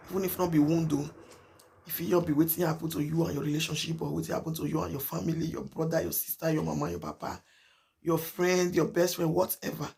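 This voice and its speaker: A woman with a Nigerian accent talks straight to her viewers in a casual vlog. Her voice has a gravelly, creaky edge. She drives each point home by saying it again and again, moving between Pidgin and English. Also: sits low, darkish tone. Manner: emphatic and repetitive, mixing Pidgin with English. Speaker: vlogger. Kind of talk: casual talk to camera.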